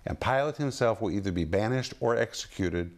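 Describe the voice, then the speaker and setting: A man's voice: fairly low pitch, lively intonation, a little fast. A man teaching the Bible on television, with an emphatic, dramatic delivery that rises and drops sharply as he explains word meanings step by step.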